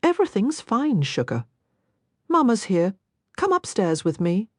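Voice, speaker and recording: A woman's voice: mid-range voice, huge pitch swings, unhurried, no room sound, studio quality, voice pushed up. A woman voicing a cheerful, affectionate mother in her late forties who coaxes and soothes. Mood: soothing. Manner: coaxing, affectionate. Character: warm, cheerful middle-aged mother, soothing.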